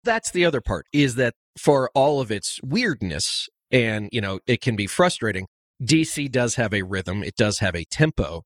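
A man hosting a podcast, his pitch rising and falling a lot as he talks. The sound is close and dry, and his casual, wry remarks keep the interview moving. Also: very animated, normal speed, dry recording. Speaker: podcast host. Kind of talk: conversational interview.

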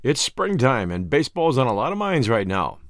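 Expressive male audiobook narrator. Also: mid-range voice, normal speed, dry recording, clean studio sound. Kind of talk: scripted story narration.

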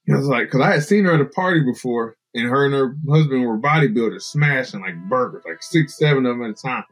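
A man's voice: mid-range voice, fast talker, low-quality recording. A man guest on a podcast, telling stories casually and acting out the people he quotes. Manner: animated, acts out quoted people. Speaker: podcast guest, fighter and bowhunter. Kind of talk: casual storytelling.

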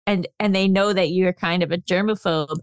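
A woman's voice: fairly low pitch, fairly even intonation, moderate pace, clean tone, no room sound, studio quality. A woman co-hosting a podcast, reading game prompts out in a casual, playful way. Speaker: podcast co-host.

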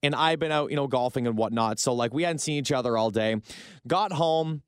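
A man's voice: medium pitch, brisk, clear, resonant tone, dry recording, studio quality. A young man from Canada co-hosting a morning radio show, telling stories with lots of fillers and restarts. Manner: rambling storyteller with many fillers. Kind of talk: casual radio banter. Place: radio studio. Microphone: studio microphone.

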